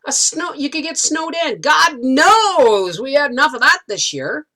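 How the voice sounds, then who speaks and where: A woman's voice: mid-range voice, a bit bright. A middle-aged woman telling a rambling story in a casual vlog, with many restarts. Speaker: homesteading vlogger.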